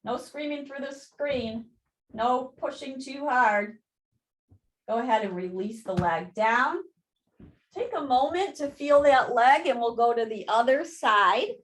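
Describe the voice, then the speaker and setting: A woman yoga instructor giving calm step-by-step cues and counting breaths through a guided class. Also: on the high side, measured pace. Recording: echoey room.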